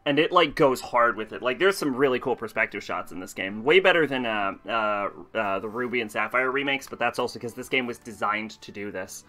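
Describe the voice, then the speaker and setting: Bright-voiced chatty male streamer. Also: mid-range voice, fairly quick, few pauses. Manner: chatty, rambling, laughs often. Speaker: let's play streamer. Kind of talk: casual game commentary.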